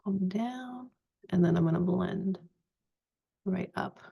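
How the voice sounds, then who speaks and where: A woman in her forties giving a chatty, relaxed step-by-step makeup tutorial. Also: mid-range voice, slow, vocal fry, breathy edge, dull audio. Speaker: makeup vlogger.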